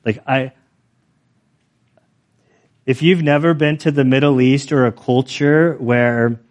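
A man preaching a sermon, telling stories in an animated, chatty way with many filler words. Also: medium pitch, slow. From United States. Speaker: pastor. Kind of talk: sermon with storytelling.

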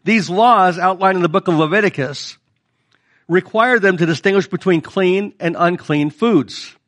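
High-voiced man preaching a sermon. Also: normal speed, fairly bright tone. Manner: conversational preaching, asks the congregation questions. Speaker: pastor.

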